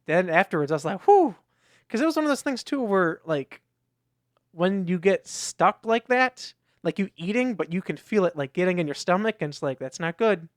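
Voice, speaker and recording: A podcast co-host with a high voice and big pitch swings talks at normal speed in clean studio sound, with no room sound at all. His story wanders through lots of restarts and acted-out quotes as the chat stays casual.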